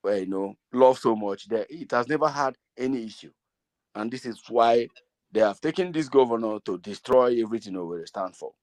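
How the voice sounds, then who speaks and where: A man's voice: mid-range voice, dry recording. A middle-aged Igbo man with a Nigerian accent, speaking earnestly to an online meeting and pleading with his listeners. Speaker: community speaker.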